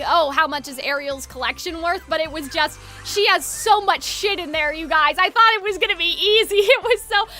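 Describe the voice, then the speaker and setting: Chatty high-voiced woman streamer. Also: sharp tone. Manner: chatty, giggly, fast asides to chat. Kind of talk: live game stream commentary.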